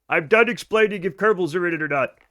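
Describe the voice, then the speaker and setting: A man livestreams a game and chats with his viewers in an animated, joking manner, swearing casually. His voice is high, bright and forward, and he talks at a quick pace.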